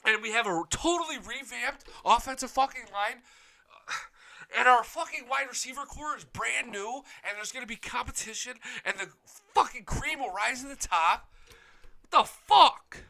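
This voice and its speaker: A man's voice: very high voice, moderate pace, gravelly, sharp tone. A young man hosting a live sports talk show, ranting with heavy profanity and hype. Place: home studio.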